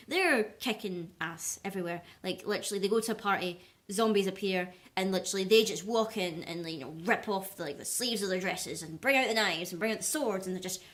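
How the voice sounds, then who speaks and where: A woman's voice: mid-range voice, a bit bright. A woman giving a casual film review vlog, rambling and peppering her talk with "like" and "or whatever". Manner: chatty, rambling, heavy use of "like" and "or whatever".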